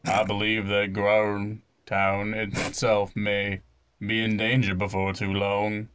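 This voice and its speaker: An earnest young girl who leads a desert tribe, voiced by a man reading game text. The reading is slow and solemn, in a low, smooth, resonant voice. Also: completely flat delivery, a bit bright. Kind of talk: reading game dialogue aloud.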